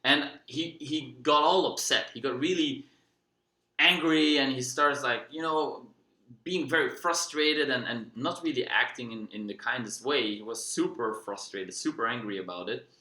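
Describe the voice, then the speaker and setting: A man recounts a personal story for his vlog in a relaxed, unhurried manner, often pausing with fillers and restarting his sentences. His voice is bright and clear, and it carries a noticeable room echo. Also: medium pitch. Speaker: vlogger. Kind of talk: casual storytelling.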